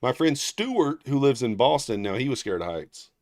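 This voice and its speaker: A man's voice: mid-range voice, big pitch swings, moderate pace, darkish tone, dry recording, clean studio sound. A man hosting a livestream, chatting casually with viewers, rambling through stories with lots of fillers and restarts and reading viewer names aloud. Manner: reads viewer names aloud and thanks them. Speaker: livestream trading host.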